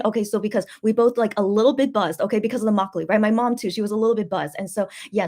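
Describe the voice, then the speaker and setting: A young woman vlogger in casual late-night chat, excitable and rambling, often repeating her words as she tells a story. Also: mid-range voice, rapid-fire, hardly any pauses.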